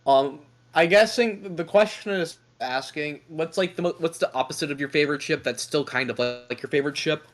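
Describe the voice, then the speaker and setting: A man's voice: on the high side, a little fast, hardly any pauses. A young man hosts a casual online podcast, joking around and rambling through questions in a self-deprecating way. He talks over a remote call mic. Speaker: podcast host.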